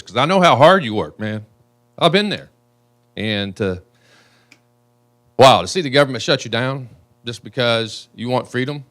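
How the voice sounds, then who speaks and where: Congressman at panel; earnest, halting, mid-pitched male voice, lots of restarts. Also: lively intonation, fairly bright tone. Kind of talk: emotional unscripted remarks.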